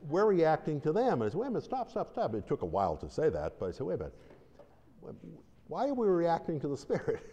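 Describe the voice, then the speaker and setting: In a muffled recording with long hall reverb, this deliverance minister speaks in a mellow voice on the low side. His teaching talk is casual and wandering, full of restarts, stories and quotes he acts out.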